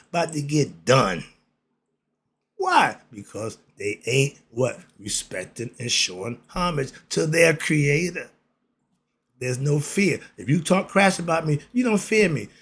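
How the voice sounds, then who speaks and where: A man hosting his own religious commentary, speaking, emphatic and preachy, reading passages slowly and then riffing on them. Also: on the high side, animated, husky. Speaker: host.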